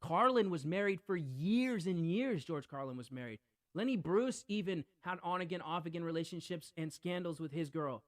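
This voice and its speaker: Brief: man, casual podcast talk, rambling and emphatic, fairly high-pitched, dry sound. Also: lively intonation, normal speed, dry recording. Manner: rambling, emphatic, repeats "literally".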